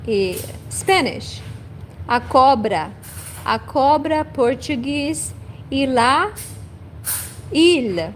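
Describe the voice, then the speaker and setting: A high, lively woman teaches a livestream language lesson at a very slow, careful pace. She says each word twice and stops to correct herself. Faint traffic hums behind her.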